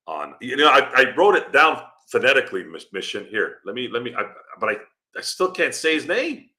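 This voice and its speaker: Deep-voiced, bright rambling male host. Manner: rambling, teasing, joking with chat. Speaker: podcast host. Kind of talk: casual live-stream chat.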